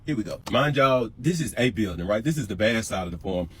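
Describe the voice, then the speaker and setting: A man's voice: lowish voice, expressive, a little fast, a bit bright, slight background noise. A man telling a personal prison story in an emphatic, profane, repetitive way. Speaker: storyteller in a reacted clip. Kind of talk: emotional storytelling.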